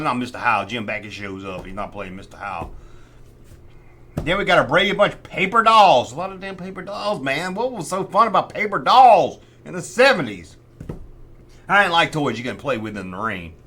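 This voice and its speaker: A man's voice: medium pitch, sharp tone. A middle-aged man hosting a casual collector's show-and-tell, rambling with sarcastic, mock-outraged asides. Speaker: host.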